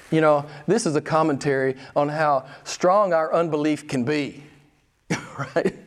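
A man preaching a sermon as pastor, emphatic and pressing questions on his listeners, with sudden excited rises. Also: a little high, moderate pace. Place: church.

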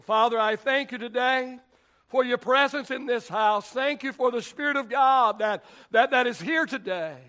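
A very high-pitched male pastor reads scripture and prays as he preaches in a church sanctuary. His delivery is deliberate and emphatic, sometimes building into shouting.

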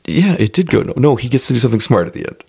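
A man co-hosting a podcast, reviewing a movie in casual chat, animated and exasperated as he tells the plot. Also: medium pitch, rapid-fire, vocal fry, slightly rough. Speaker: podcast co-host.

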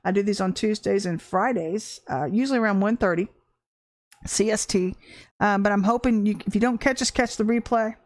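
A woman preaching an informal livestream sermon, earnest and animated, repeating phrases for emphasis. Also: mid-range voice, normal speed. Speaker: preacher hosting a livestream devotional.

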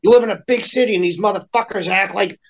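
A man's voice: high voice, fast, poor audio. A man in a casual podcast chat, ranting heatedly with constant swearing and mocking impressions of other people. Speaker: podcast guest. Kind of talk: profane casual rant.

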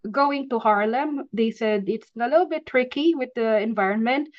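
A woman from the Philippines, a podcast guest telling her story in a casual interview, animated and quick to laugh, often restarting her sentences. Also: fairly high pitch, no echo, muffled recording.

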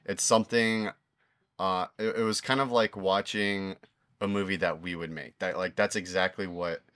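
A man's voice: low voice, steady tone, normal speed, a bit bright, clean tone, no room sound, studio quality. A man talking as a podcast guest, enthusiastic and rambling. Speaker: guest filmmaker. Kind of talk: casual conversation.

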